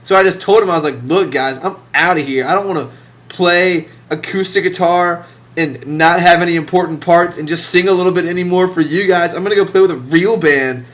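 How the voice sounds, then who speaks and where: A man's voice: high voice, a little fast, a bit bright. A young man telling a boastful, sarcastic mock story about leaving his band.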